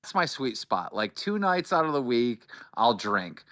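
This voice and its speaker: A man's voice: mid-range voice, big pitch swings, a little slow, fairly bright tone. A man in a played clip, talking brashly and casually, swearing as he boasts. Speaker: clip guest. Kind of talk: casual podcast chat.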